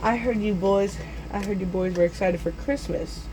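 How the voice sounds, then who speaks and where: A young male storyteller voicing the Grinch as a sly, mock-friendly prankster who speaks in a lowered, sneaky tone. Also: moderate pace, a little mellow, a little hiss or hum, natural voice, rough recording.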